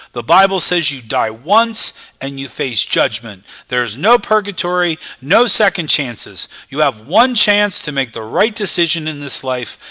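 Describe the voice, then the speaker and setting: A man preaching a sermon, emphatic, swinging from loud, high-pitched stresses to low, quiet lines.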